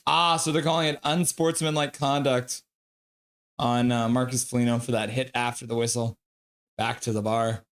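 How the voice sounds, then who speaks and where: A man streaming live hockey play-by-play, excitable and profane, reading viewer chat aloud between calls. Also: mid-range voice, normal speed. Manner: excitable, swears, reads chat comments aloud.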